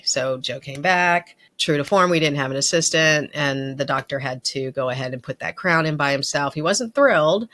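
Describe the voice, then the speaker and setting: A woman's voice: low-pitched, fairly bright tone. Candid middle-aged woman telling a story. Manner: candid, self-deprecating, conversational. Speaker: podcast host and dental practice speaker. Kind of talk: storytelling monologue.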